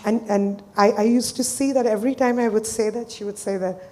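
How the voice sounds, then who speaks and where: A woman therapist presenting a client case to an audience, speaking earnestly and hesitantly, with pauses. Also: a little high, fairly even intonation, dark tone.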